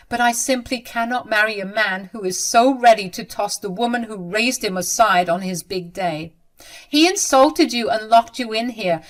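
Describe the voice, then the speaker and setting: A woman's voice: fairly high pitch, lightly acted. A woman voicing a caring young bride who speaks in an urgent, emphatic way.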